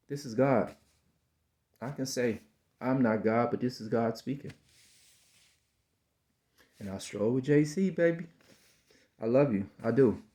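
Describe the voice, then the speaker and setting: With a medium-pitched, dark-toned voice, a man in his fifties gives a slow spiritual talk about believing in oneself. It's preachy and repetitive, and he often calls the listener baby.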